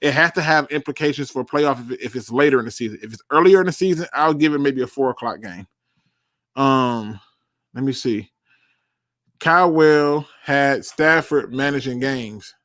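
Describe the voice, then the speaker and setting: A man's voice: mid-range voice, a little fast, fairly bright tone, dry recording, studio quality. A young man hosting a live sports talk show, bluntly answering chat questions and repeating words for emphasis.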